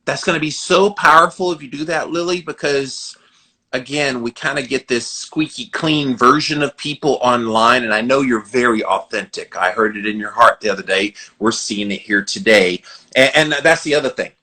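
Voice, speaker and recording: A man with a Southern American accent hosting a podcast interview, giving earnest, animated advice. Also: medium pitch, normal speed. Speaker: podcast host. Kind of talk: conversational interview.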